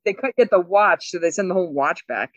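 Lively storytelling woman podcaster. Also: fairly low pitch, no echo, lo-fi sound. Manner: animated storyteller, laughs often, quick asides. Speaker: podcast co-host. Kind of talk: casual chat.

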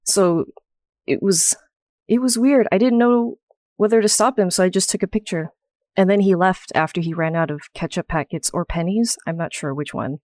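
A woman's voice: on the low side, normal speed, a little mellow, no room sound, studio quality. A woman co-hosting a casual podcast, telling a story in short, loose fragments. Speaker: podcast co-host. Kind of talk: casual roundtable podcast chat.

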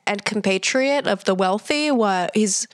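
A woman co-hosting a podcast, chatting playfully and joking in quick reactions. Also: mid-range voice, dry recording, clean studio sound. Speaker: podcast co-host. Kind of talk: casual podcast chat.

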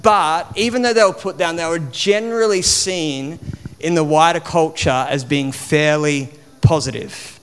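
A preacher in his 40s delivers a sermon in a loose, conversational way, unhurried and full of fillers. His slightly high voice is notably smooth and resonant, ringing out with a long reverb from the surrounding hall.

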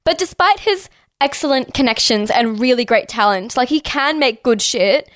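A woman's voice: high-pitched, animated, moderate pace, no room sound, studio quality. A young woman co-hosting a podcast, ranting in heated, sarcastic casual chat with lots of swearing. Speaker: podcast co-host.

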